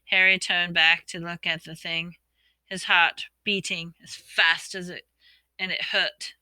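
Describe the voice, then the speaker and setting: Bright, crisp woman reading a storybook. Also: fairly low pitch, little pitch movement, measured pace, no room sound. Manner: reads expressively, voicing characters' shouts and whispers. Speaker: audiobook reader.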